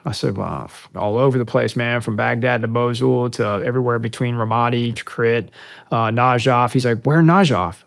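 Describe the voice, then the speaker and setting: Middle-aged American veteran guest, gravelly mid-pitched voice, loose conversational storytelling with fillers. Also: male voice, fairly even intonation, normal speed. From United States. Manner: conversational, many fillers, acts out quoted dialogue. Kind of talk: casual interview storytelling.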